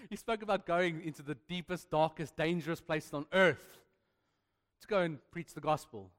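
A man's voice: fairly high pitch, moderate pace, fairly bright tone, in a large hall. A man preaching a sermon as pastor, emphatic and playful, with repeated refrains and asides to the congregation. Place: church hall.

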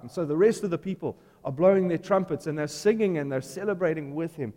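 A man's voice: high voice, fast, hardly any pauses, mellow, in a large hall. A man preaching a sermon in a conversational, storytelling way, putting questions to the congregation.

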